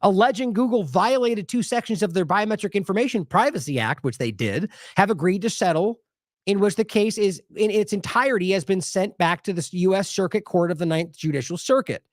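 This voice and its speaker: Man, news commentary host, high voice, swooping and indignant, dry close sound. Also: a little fast, dry recording. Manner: animated, indignant, sarcastic asides. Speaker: independent news show host.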